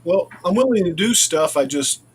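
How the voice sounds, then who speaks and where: Lively high-voiced man, hesitant. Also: moderate pace, breathy edge. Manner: hesitant, repeats words. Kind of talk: casual podcast chat.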